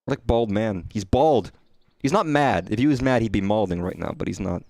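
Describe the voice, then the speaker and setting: A man's voice: lowish voice, moderate pace, a little mellow, clean studio sound. A man commenting casually while streaming a game, chatty and echoing lines from the game in voices. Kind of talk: live gameplay commentary.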